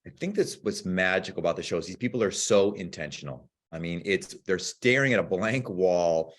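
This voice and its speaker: A man co-hosting a podcast in casual chat, excitable and quick to swear, acting out his own reactions. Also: low-pitched. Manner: excitable, rapid bursts, swears, acts out yelling. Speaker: podcast co-host.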